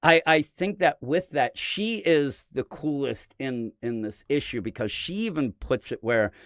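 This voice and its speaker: A man's voice: medium pitch, measured pace, no room sound, studio quality. A man hosting a comic book podcast, chatting casually with rambling enthusiasm and lots of fillers. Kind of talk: casual comic review chat.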